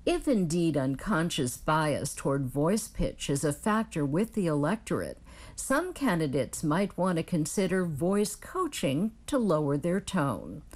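A woman reading a scripted news report in a measured, even delivery. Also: low voice, breathy edge.

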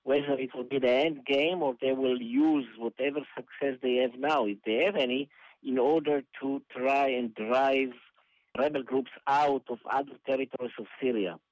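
A male analyst, giving measured commentary in a news interview, pausing often with "uh". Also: medium pitch, steady tone, a little mellow, no echo. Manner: measured, hesitant with many uhs. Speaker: analyst guest. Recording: dull lo-fi phone-like line.

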